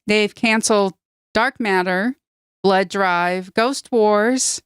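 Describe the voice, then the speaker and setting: A woman guest on a podcast, giving a brisk, matter-of-fact news roundup. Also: mid-range voice, smooth, dry recording, studio quality.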